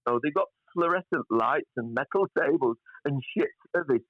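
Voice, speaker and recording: A man's voice: a little high, moderate pace, dry recording. Guest chef, man, blunt and sweary, slightly dull lo-fi sound, dry close mic. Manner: blunt, swears freely, animated. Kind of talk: casual podcast chat.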